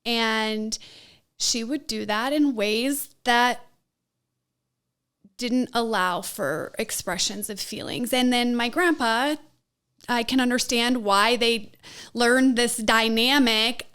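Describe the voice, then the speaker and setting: A woman's voice: on the high side, fairly bright tone, clean tone. A woman telling her personal story as a podcast guest, emotional and given to laughing, with many fillers.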